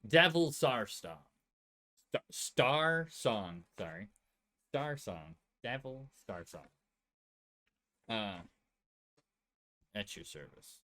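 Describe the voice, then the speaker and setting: Play a friendly tavern stranger in leather armor, halting and chuckling between words, with a bright voice that swings widely and takes its time. A man gives him a near-everyday voice. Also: mid-range voice, very animated, heavily acted. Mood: formal. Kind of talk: tabletop role-play.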